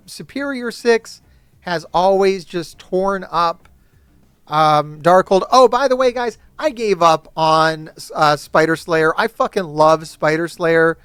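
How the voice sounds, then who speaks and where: A man's voice: on the high side, a bit bright, clear, resonant tone, no echo. Profane, ranting male gamer. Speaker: gaming YouTuber. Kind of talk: casual gameplay commentary.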